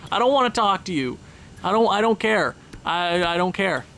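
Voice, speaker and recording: A young man commentating his hockey franchise game, sarcastic and exasperated, with loud frustrated outbursts. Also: sits high, animated, moderate pace, slight background noise. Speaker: gaming YouTuber. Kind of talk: franchise mode gameplay commentary.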